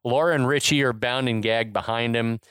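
A man's voice: mid-range voice, fairly even intonation, brisk, a bit bright, clear, resonant tone, dry recording. A man co-hosting a podcast, recapping a movie in casual chat and rambling with lots of "like.". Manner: rambling recap with many "like" fillers. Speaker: podcast co-host.

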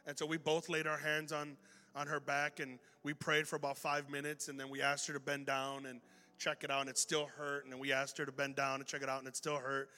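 A male pastor telling a story in a sermon, lively and animated, acting out the voices of the people in it. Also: medium pitch, a little fast. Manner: animated, acts out dialogue in the story. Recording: long hall reverb with faint music.

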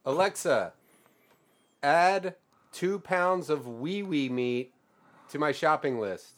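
Male co-host, animated delivery, a bit high-pitched, jokey. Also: slow pace. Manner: joking, egging others on. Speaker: podcast co-host. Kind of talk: casual comedy chat.

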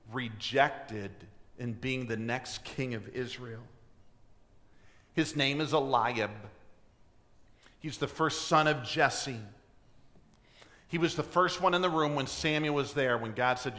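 Pastor, male, delivering an emphatic sermon in a church with rhetorical questions. Slow, deliberate delivery and a long-ringing hall. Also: medium pitch, a bit bright. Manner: clears throat often. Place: church sanctuary.

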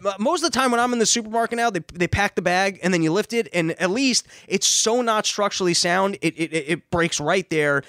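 A man's voice: a little high, a bit bright, no echo, clean studio sound. A young man riffing in a rambling, profane comedic monologue, cutting himself off and circling back as he talks from a car. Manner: profane, digressive, self-interrupting. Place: in his grandfather's car.

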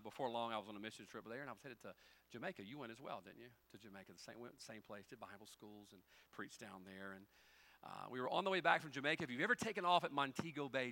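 A male pastor preaching a sermon, moving from quiet folksy storytelling with humorous asides to loud, rising emphasis. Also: mid-range voice.

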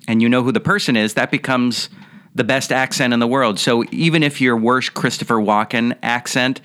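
A man who works as a voice actor, talking in a relaxed podcast conversation and sharing reflective stories. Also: mid-range voice, normal speed, smooth. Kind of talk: casual podcast chat.

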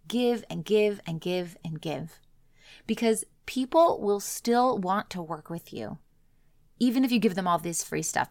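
Emphatic woman coach, gravelly edge. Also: medium pitch, dry recording. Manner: earnest, emphatic, acts out quoted reactions. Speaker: business coach. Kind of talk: motivational solo talk.

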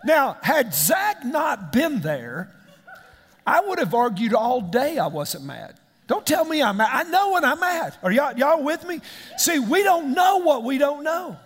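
Animated preacher man, high voice. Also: unhurried, big-room sound. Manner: animated, shouting questions to the congregation. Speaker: pastor. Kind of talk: sermon.

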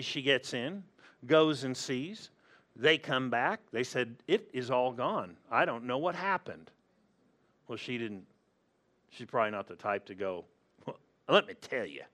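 A man's voice: mid-range voice, lively intonation, a little slow, fairly bright tone. A male pastor preaching a sermon in a humorous, storytelling way, acting out the people in his stories.

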